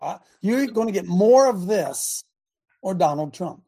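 Gravelly, fervent talk radio host man. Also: high voice, lively intonation, unhurried, dark tone. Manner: fervent, preachy, rhetorical questions.

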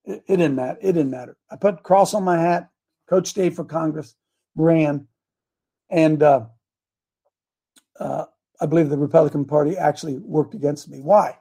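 Speaking at a moderate pace with long pauses, a man with a highish, mellow, husky voice preaches a politically tinged sermon. He repeats himself, calls for amens, and turns directly to those in the room.

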